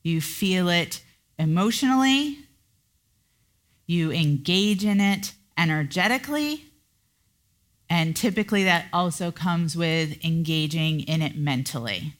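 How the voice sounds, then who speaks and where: Slow-talking woman podcast host, low voice. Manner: animated, acts out inner voices in a high pitch. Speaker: podcast host and business coach. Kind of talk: solo podcast teaching.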